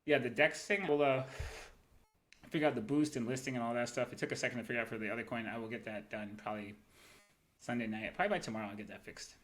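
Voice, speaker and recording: A man talks very quickly through charts on a livestream, swearing freely and tacking "right?" onto nearly every point. His voice sits at an ordinary middle pitch, and the talk is casual and rambling. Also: steady tone, a bit bright, rough recording. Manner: fast, profane, wandering talk full of "right?". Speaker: livestream host running a crypto trading show.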